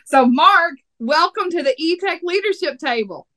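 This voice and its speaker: A chatty woman with a Texas accent hosts a podcast, teasing her guest in a playful way. Her voice sits high. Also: lively intonation, moderate pace, fairly bright tone. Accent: Texan. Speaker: podcast host. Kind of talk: casual podcast chat.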